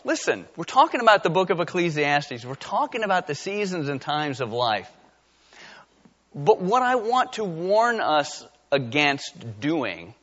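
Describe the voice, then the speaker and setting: A man's voice: fairly high pitch, a bit bright, big-room sound, dull audio. A middle-aged man preaching a conversational sermon as pastor, building to emphatic peaks.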